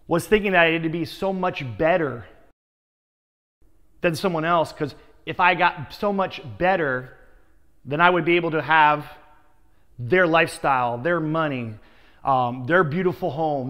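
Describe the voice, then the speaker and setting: Male sales trainer, high voice, lively motivational storyteller, recorded with a long hall reverb. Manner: energetic storytelling, keeps addressing the audience as guys. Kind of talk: motivational conference talk.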